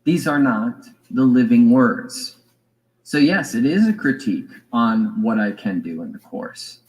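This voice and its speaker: A man giving a reflective spiritual lecture, musing and deliberate, with fillers and small asides. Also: medium pitch, animated, darkish tone, low-quality recording. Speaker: spiritual teacher.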